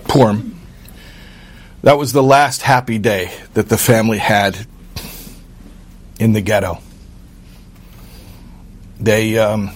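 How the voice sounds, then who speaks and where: A man telling a true story aloud in an earnest, halting way, with fillers and restarts. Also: lowish voice. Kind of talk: spoken storytelling.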